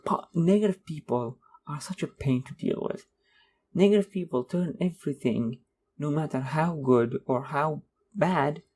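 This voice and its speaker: A man's voice: fairly high pitch, a little mellow, slight background noise. A young man hosting a podcast, rambling through a sarcastic casual rant and slipping into mocking voices. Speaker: podcast host. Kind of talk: casual monologue.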